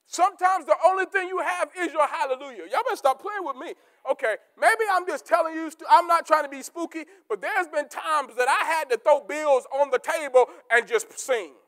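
A man preaching a sermon as pastor, repeating key words for emphasis and swinging between shouted peaks and low, quiet asides. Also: brisk, hardly any pauses. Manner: rising to shouts, then dropping to low asides.

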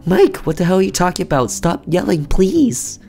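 A man voicing a frightened, pleading wife in a horror game, with his voice pushed up high. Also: big pitch swings, moderate pace, darkish tone, soft background music. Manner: pleading, raised pitch. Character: frightened pleading wife Irma, adult woman.

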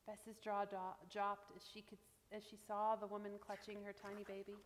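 A woman reading a Christmas picture book aloud to children, with a gentle, expressive delivery. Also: mid-range voice, normal speed, hardly any pauses, in a large hall. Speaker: children's storyteller.

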